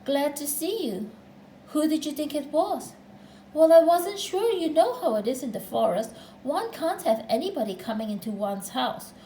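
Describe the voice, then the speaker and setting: A woman's voice: high voice, animated, moderate pace, warm tone, roomy sound, slight background noise, pitched above the performer's own voice, low-quality recording. Rabbit, a woman voicing a fussy rabbit. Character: fussy, polite, cautious male rabbit. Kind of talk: storybook reading.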